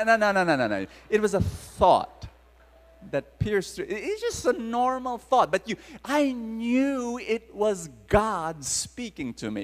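A man with a Filipino accent preaching to a live audience, telling stories dramatically and calling on the crowd to respond. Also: sits high. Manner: animated, dramatic storyteller engaging the crowd. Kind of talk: storytelling sermon to a live audience. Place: large hall with long reverb. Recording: live talk in reverberant hall.

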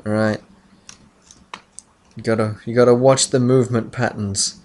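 A man casually commenting on his own gameplay, rambling and muttering softly while he concentrates. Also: medium pitch, little pitch movement, unhurried. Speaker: let's play commentator.

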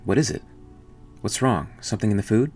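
A man with a low voice voicing a firm, concerned female ship officer in a read-aloud story. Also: brisk, darkish tone, faint music behind, lightly acted.

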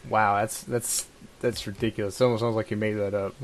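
A man's voice: lowish voice, level tone, a little fast. A young man hosting a podcast, talking in a laid-back way and saying "like" often. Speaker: host. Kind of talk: casual chat.

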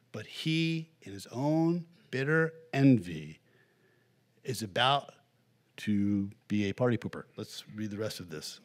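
A man preaching a sermon as pastor, animated, dropping to hushed asides and rising to loud outbursts as he acts out the story. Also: mid-range voice. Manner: animated preaching, voicing the angry older brother in bursts; swings between hushed asides and loud exclamations.

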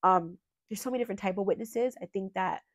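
A young woman hosting a true crime channel rambles through a heartfelt, casual, emotional monologue full of filler words. She's sick with a cold and sounds nasal. Her medium-pitched voice moves fast, captured as clean studio sound with no room sound.

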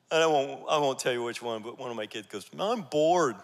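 A man preaching a sermon as pastor, energetic and jokey, rallying his congregation. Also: mid-range voice, moderate pace. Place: church sanctuary. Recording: church hall reverb.

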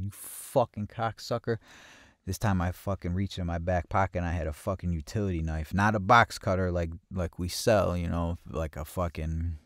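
A man with a low voice tells a personal story in a casual, profane, streetwise way. He breaks into loud acted-out voices of the people involved. The recording is close and dry, with no room sound. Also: no echo. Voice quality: heavy swearing, acts out quoted voices loudly. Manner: blunt, streetwise, animated retelling. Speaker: podcast host telling a personal story.

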